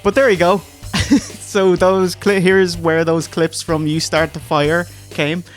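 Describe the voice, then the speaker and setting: Chatty, higher-voiced male podcast host. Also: flat delivery, takes it slowly, faint music behind. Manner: chatty, laughs often. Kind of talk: casual review chat.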